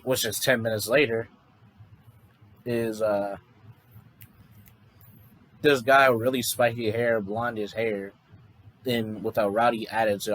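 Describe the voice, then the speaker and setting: A man's voice: on the low side, fairly bright tone, a little hiss or hum, low-quality recording. A man casually improvising a story, rambling loosely with lots of fillers and restarts. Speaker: fan storyteller.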